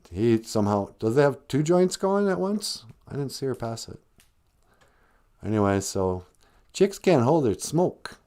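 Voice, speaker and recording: A man's voice: lowish voice, warm tone. A man hosting a live stream, retelling a film in a rambling, chatty way. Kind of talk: casual storytelling.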